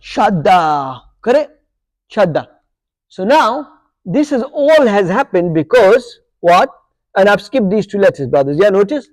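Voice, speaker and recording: A man's voice: high-pitched, very animated, unhurried. A man teaching an Arabic grammar lesson to a live class, quizzing students and checking in with "okay?" and "yeah?" as he goes. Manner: corrects his own slips aloud.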